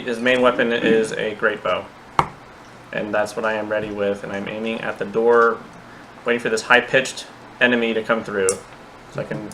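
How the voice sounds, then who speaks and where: A man's voice: fairly low pitch, sharp tone, a little hiss or hum, rough recording. Casual rambling male player. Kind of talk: casual tabletop game play.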